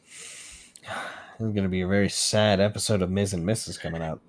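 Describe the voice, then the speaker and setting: A man co-hosting a podcast, chatting casually and profanely about wrestling, laughing and riffing on jokes. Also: low voice. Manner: excitable, profane, quick to laugh and riff. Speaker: podcast co-host. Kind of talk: casual wrestling recap chat.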